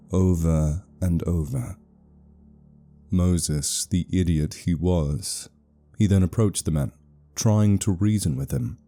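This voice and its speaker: A man with a very low, deep voice narrates a horror story. His tone is extremely dark and mellow, and his telling is steady and measured. Faint music plays underneath.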